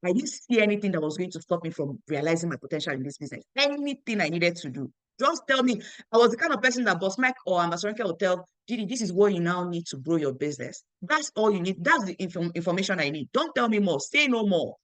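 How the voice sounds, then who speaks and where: A woman's voice: lowish voice, fast, hardly any pauses, no room sound. A young woman tells a motivational story about her business, repeating phrases and acting out the dialogue. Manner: animated, repeats phrases, acts out quoted dialogue. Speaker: network marketing team leader.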